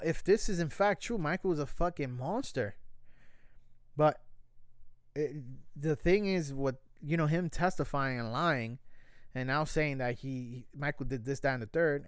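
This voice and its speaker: A man's voice: fairly high pitch, clear, resonant tone, no echo, clean studio sound. A man in his thirties ranting in casual talk, blunt, heated and full of swearing. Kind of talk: casual opinion rant.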